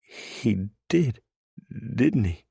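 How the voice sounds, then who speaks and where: A male narrator voicing a saucy young woman held captive, raising his voice high and speaking with mocking confidence. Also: lively intonation, extremely slow, gravelly, warm tone, husky, dry recording, studio quality, heavily acted. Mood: hopeful.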